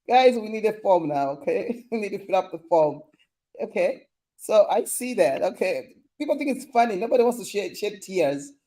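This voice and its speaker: A man's voice: high-pitched, warm tone. A young man hosting a casual live stream, reading viewer comments in a playful, teasing way and laughing often.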